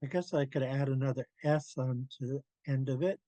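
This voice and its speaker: A man teaching a language class, drilling pronunciation slowly and carefully and laughing often. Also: mid-range voice, dark tone, no room sound.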